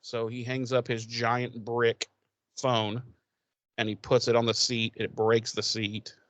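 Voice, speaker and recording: A man's voice: mid-range voice, flat delivery, takes it slowly, fairly bright tone, no room sound. Profane, rambling man recapping an episode. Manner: rambling, profane, laughs often, acts out characters. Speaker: podcast co-host. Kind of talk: casual profane recap chat.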